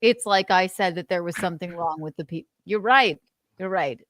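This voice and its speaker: A woman's voice: on the low side, normal speed, fairly bright tone, no room sound. A woman co-hosting a casual reaction chat, sarcastic and outspoken, with swearing. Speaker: co-host.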